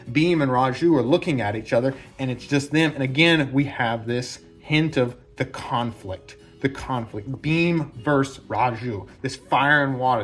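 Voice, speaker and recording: A man hosting a casual film analysis, talking enthusiastically and rambling, often repeating himself. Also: medium pitch. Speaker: video essay host.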